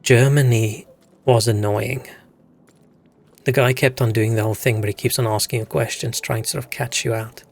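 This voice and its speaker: Gravelly young man rambling. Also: medium pitch, fairly even intonation, moderate pace, soft background music. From South Africa. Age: young adult. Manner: rambling, swearing storyteller. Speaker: game streamer. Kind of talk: casual chat while gaming.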